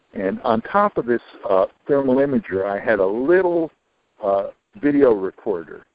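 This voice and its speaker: An older man in an interview, spinning a long personal story in a casual, rambling way. His voice sits low but swings widely in pitch, and he often restarts and sinks into quiet, muttered asides. The recording sounds dull and lo-fi. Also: creaky.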